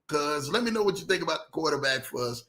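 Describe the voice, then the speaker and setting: A man hosting a casual livestream, animated, greeting viewers by name and telling stories in loose slang. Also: fairly high pitch, quick pace. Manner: animated, reads out viewer comments, Southern US slang. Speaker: livestream host.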